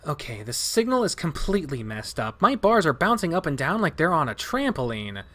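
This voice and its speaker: A man playing a sharp, cutting young she-wolf. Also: on the high side, sing-song, a little fast, voice pushed up, exaggerated voice.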